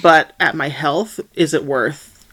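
A woman guest on a casual podcast chat, talking in a reflective, measured way. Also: low voice, a bit bright.

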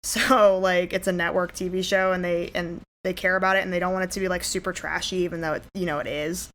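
A woman talks in a relaxed, conversational way as a co-host, scattering fillers through her sentences. Her voice sits somewhat low for a woman. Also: fast. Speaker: podcast co-host. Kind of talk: casual chat.

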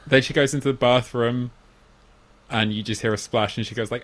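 A man co-hosting a casual chat about a comedy film, amused and often laughing. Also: normal speed. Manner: amused, acts out quoted lines in loud squeaky voices. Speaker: podcast co-host.

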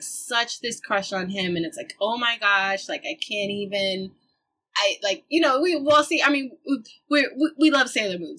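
Young woman, husky and bright, slangy laid-back chat, laughs a lot. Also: medium pitch, rough recording. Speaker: musician guest. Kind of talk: casual chat.

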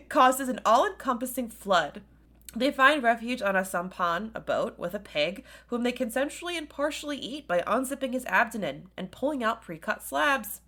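A woman's voice: medium pitch, a bit bright. A woman co-hosting a podcast, chatting casually and recapping a film plot, laughing often and stumbling over words. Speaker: podcast co-host.

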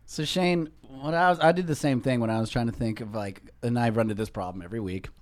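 A man's voice: mid-range voice, fast talker, slight background noise. A man hosting a casual podcast chat, telling stories in a loose, profane way and laughing often. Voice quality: profane, laughing, animated storytelling. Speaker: podcast host.

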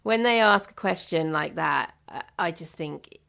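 A woman hosts a casual interview, asking careful, thoughtful questions that she feels her way through. Her voice is lowish with a gravelly fry at the edges. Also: measured pace, a bit bright. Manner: thoughtful, hesitant questions with fillers. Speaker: podcast host.

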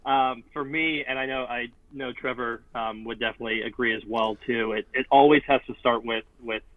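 A man's voice: mid-range voice, steady tone, a little fast, no room sound. A young man guesting on a podcast, friendly and hesitant, with plenty of fillers. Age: young adult. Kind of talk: casual interview. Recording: tinny dry phone-like line.

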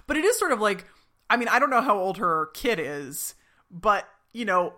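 A woman's voice: mid-range voice, sing-song, normal speed, pushed and bright. A woman in her thirties co-hosting a casual show recap, chatty and retelling scenes in playful quoted voices. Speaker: podcast co-host recapping a TV episode.

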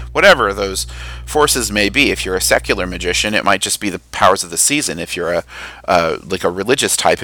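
A man co-hosting a casual podcast, rambling and animated, often jumping up into a high excited voice and swearing casually. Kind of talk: casual chat.

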